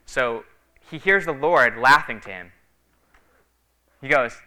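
A man's voice: mid-range voice, a little slow, long pauses, bright, forceful tone. A man preaching a sermon in a conversational, storytelling way, with frequent fillers, acting out the voices of the people in his stories.

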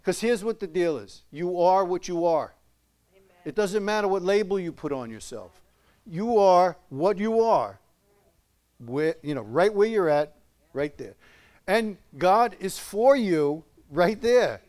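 A man's voice: sits high, animated, unhurried, a little mellow. An older man preaching a conversational sermon, folksy and chuckling, often asking his listeners questions.

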